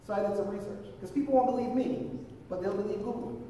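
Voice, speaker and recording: A man's voice: high voice, fast, dark tone, a little hiss or hum. A man from Jamaica, preaching a sermon in a conversational storytelling way and acting out the people he quotes. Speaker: pastor. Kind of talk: sermon with personal stories. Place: church auditorium. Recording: echoey church hall, mic at a distance.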